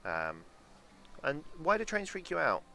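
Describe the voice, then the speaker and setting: A man's voice: fairly high pitch, wildly swooping pitch, measured pace, creaky, sharp tone, a little hiss or hum. A young man with a London accent, chatting casually and swearing freely while streaming a game and answering chat. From England.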